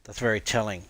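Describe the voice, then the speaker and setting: A man's voice: mid-range voice, a bit bright, breathy edge. An Australian man chatting casually on a live stream, rambling, laughing often and swearing freely.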